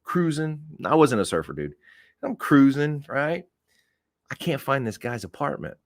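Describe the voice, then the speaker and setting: A man in his forties hosting a podcast, telling a story in a casual, animated way with laughs and swearing. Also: mid-range voice, normal speed, no room sound, studio quality. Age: 40s. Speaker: podcast host.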